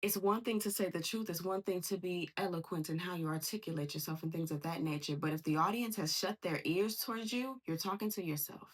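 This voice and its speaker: Husky-voiced woman giving a slangy tarot reading. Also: on the low side, a little fast, hardly any pauses. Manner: animated, slangy, acts out quoted voices. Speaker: tarot reader. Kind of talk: casual tarot reading monologue.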